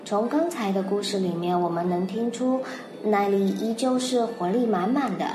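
A woman's voice: medium pitch, moderate pace, noisy background. A Mandarin-native woman telling a children's story and explaining English words, patient and repeating phrases. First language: Mandarin Chinese. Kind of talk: bilingual storytelling lesson. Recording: roomy recording, faint music.

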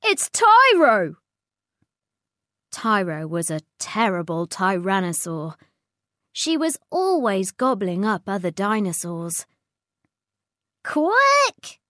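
A woman reading a children's storybook aloud with slow, expressive delivery. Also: mid-range voice, no echo, clean studio sound.

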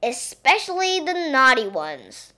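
A woman voicing a brisk, cheerful castle maid who is jolly and a little bossy. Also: sits high, animated, a bit bright, pitched above the performer's own voice, heavily acted.

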